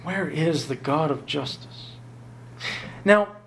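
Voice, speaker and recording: A man preaching a sermon in an emphatic, animated way, his voice climbing high whenever he stresses a point. His voice sits a little high for a man. A faint hum runs under the recording. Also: slow pace, gravelly. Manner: emphatic, rises sharply in pitch to stress points. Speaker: pastor.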